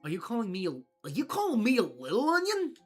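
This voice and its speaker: A streamer voicing a tough-talking little onion bully with squeaky, hot-tempered bluster. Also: very animated, normal speed, pushed and bright, husky, faint music behind, heavily acted.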